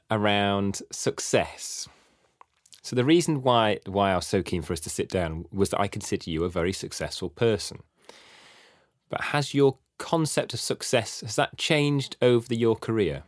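A man's voice: lowish voice, animated, moderate pace, no echo, studio quality. A man hosting a podcast interview, asking questions hesitantly and repeating words as he starts them. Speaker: podcast host.

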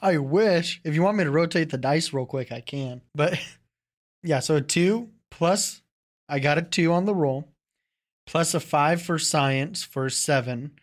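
Slightly high-voiced male player. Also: a little slow. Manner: easygoing, laughs while rolling dice.

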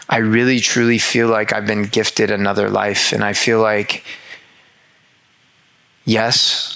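A man's voice: on the low side, sharp tone, low-quality recording. A man speaking directly to listeners in an earnest motivational monologue, heartfelt and emphatic, repeating words for emphasis and swearing casually.

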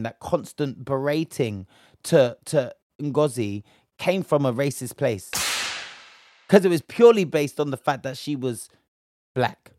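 A man's voice: mid-range voice, darkish tone, no room sound. A young British man from Bristol giving a heated, slang-filled commentary rant, indignant and emphatic. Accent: British English. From Bristol, England.

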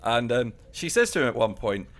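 A man's voice: mid-range voice, sing-song, fairly quick. A man co-hosting a podcast in loose, rambling casual chat, laughing often. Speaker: podcast co-host.

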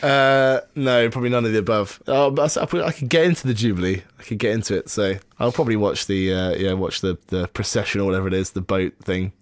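A man's voice: fairly low pitch, fast, hardly any pauses, no echo. A man co-hosting a podcast in casual chat, with a dry, wry humour. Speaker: podcast co-host.

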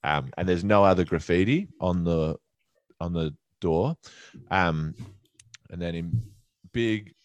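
A man's voice: sits low, slow, long pauses, lo-fi sound. A man co-hosting a podcast in casual comedic chat, laughing often and playing with his inflections. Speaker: podcast co-host.

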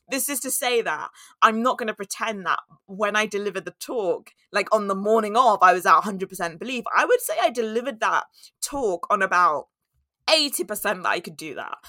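A woman's voice: medium pitch, expressive, a little fast, pushed and bright, no echo, studio quality. A woman, hosting a podcast and talking through her own story in a candid, storytelling way. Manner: candid and storytelling, with laughs and acted-out inner voices. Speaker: podcast host. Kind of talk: reflective solo talk.

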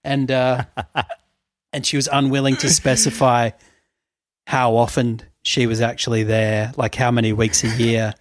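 A man's voice: mid-range voice, little pitch movement, measured pace, no room sound, studio quality. A man co-hosting a podcast, telling a story in casual chat, full of fillers and laughter. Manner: chatty storytelling, laughs often, many fillers. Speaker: podcast co-host.

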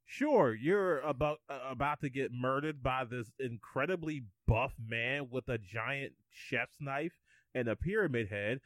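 A man's voice: medium pitch, animated, measured pace, fairly bright tone, no room sound. A man co-hosting a podcast, bantering casually with mock-serious rants. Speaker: podcast co-host. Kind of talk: casual comedic chat.

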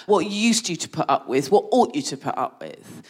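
A woman telling a funny anecdote live on stage, her pitch swooping up and down with lively energy. She laughs through her own story, plays it for comic effect, and keeps a chatty pace. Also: normal speed, breathy edge. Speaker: podcast co-host.

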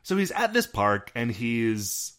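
A man's voice: medium pitch, very animated, slow pace, fairly bright tone. A man co-hosting a casual podcast, narrating episode scenes and quoting characters. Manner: storytelling, narrates scenes with quoted lines. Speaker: podcast co-host. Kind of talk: casual chat recapping a show.

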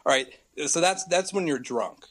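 A man's voice: on the high side, normal speed. Laughing American man rambling a theory. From United States. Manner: rambling, animated, laughs often. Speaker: regular correspondent. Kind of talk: casual comic chat.

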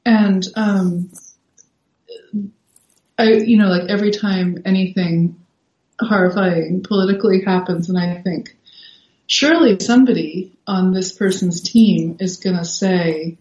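A woman's voice: on the low side, measured pace, darkish tone. A woman talking through ideas in casual conversation as a guest, thinking aloud with many fillers. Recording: roomy, dull lo-fi sound.

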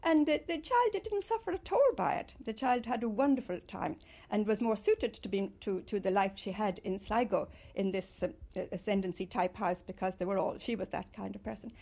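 An older woman from Ireland, fondly recalling her childhood in an interview and telling it in an animated way. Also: mid-range voice, normal speed, vocal fry, hardly any pauses. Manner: fond, animated storytelling with loud mimicry. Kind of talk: reminiscing interview.

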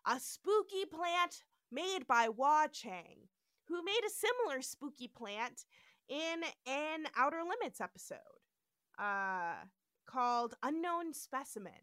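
A woman co-hosting a casual podcast, recapping the plot with lots of energy. Her voice sits high and swings widely as she acts out the characters' quoted lines. The sound is close and dry, with no room around it. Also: sing-song, slow pace, a bit bright, dry recording. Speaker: podcast co-host.

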